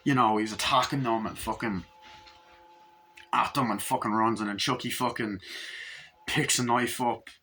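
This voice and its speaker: A man giving a casual movie review, recapping scenes excitedly with lots of swearing and rambling. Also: mid-range voice, moderate pace, pauses often, a little hiss or hum.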